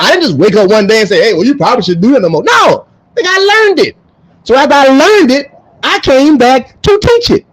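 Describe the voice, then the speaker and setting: A man ranting bluntly to camera as a track coach, profane and swinging between loud bursts and low mutters. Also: rough recording.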